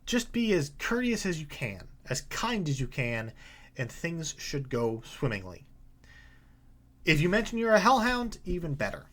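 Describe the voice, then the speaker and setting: A man voicing a nervous male halfling guide who speaks in a hushed, urging way. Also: on the high side, big pitch swings, unhurried, exaggerated voice.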